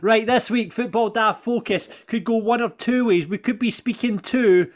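A podcast host moves briskly between segments in a chatty tone. His voice sits high for a man. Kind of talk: casual podcast hosting.

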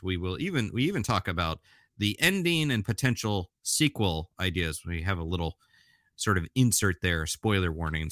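Bright-voiced male podcast host. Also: fairly low pitch, dry recording, clean studio sound. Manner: chatty, enthusiastic, self-correcting with frequent restarts. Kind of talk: casual solo podcast talk.

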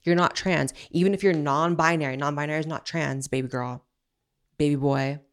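A woman's voice: deep voice, steady tone, fairly quick. A woman hosting an opinionated commentary show, talking in a blunt, sarcastic, ranting way.

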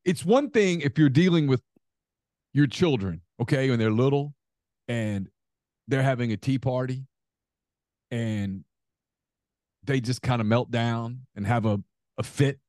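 A man's voice: mid-range voice, measured pace, long pauses, a little mellow, no echo, studio quality. A man co-hosting a podcast, ranting in heated casual chat and stumbling over repeated words as he gets worked up. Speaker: podcast co-host.

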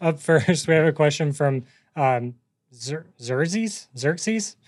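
A man's voice: a little high, steady tone, a little slow, darkish tone, dry recording, clean studio sound. A man co-hosting a podcast, laid-back and hesitant, reading out a listener question. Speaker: podcast co-host.

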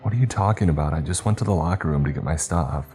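A man's voice: a bass voice, fast talker, warm tone, faint music behind. A man voicing a wary young woman store worker, who sounds cautious and defensive. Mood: guarded.

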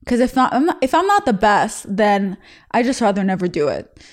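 With a sing-song, mid-range voice at a moderate pace, a young Israeli woman hosts a show. She reads stories sent in by listeners and reacts openly and bawdily, laughing often in casual conversation.

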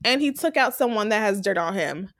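A woman casually recapping a TV episode, telling it like a lively story and laughing often. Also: medium pitch, brisk, dry recording, clean studio sound. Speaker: podcast co-host.

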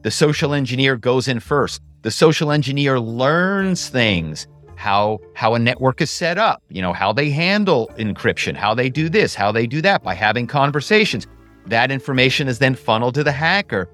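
A middle-aged man, a guest in an interview, telling stories about his work in a lively conversational way with frequent "you know" asides. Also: medium pitch, normal speed, faint music behind. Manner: animated storyteller, many "you know" asides. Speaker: guest, former actor and corporate spy.

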